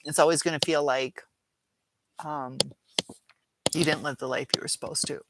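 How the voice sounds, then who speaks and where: Chatty middle-aged woman with gravelly voice. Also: sits low, steady tone, moderate pace, heavy background noise. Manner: chatty, rambling, laughs often. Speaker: live-chat host. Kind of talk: casual livestream chat reading viewer comments.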